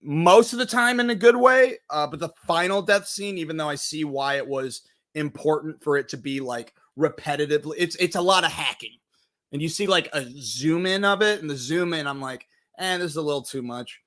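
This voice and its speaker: A young man hosting a casual movie review stream, telling stories animatedly and swearing freely. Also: moderate pace. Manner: animated storytelling, swears freely, jumps in pitch acting out quotes.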